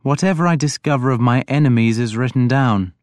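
A man's voice: medium pitch, darkish tone, no room sound, lightly acted. A man voicing a stern, shrewd king who speaks mildly but pointedly, in an audiobook reading. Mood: measured. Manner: measured and stern. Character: stern, shrewd, mild-spoken male king. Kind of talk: audiobook character voice.

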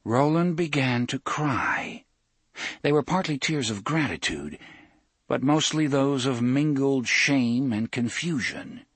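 A man reads a novel aloud in a steady, measured manner. His voice is slightly breathy at mid pitch. The recording is dry and close. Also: no room sound. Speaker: audiobook narrator. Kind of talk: scripted narration.

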